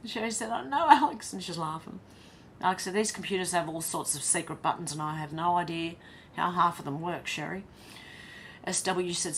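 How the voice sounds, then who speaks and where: A woman's voice: on the low side, slight background noise. An Australian woman hosting a casual livestream, reading viewers' comments aloud and chatting back to them. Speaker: livestream host reading chat.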